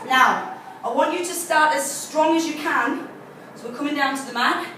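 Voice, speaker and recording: A woman's voice: high-pitched, normal speed. Breathless woman coaching a workout. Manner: encouraging, breathless cueing while exercising. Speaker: fitness instructor. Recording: very echoey room, distant mic, faint noise.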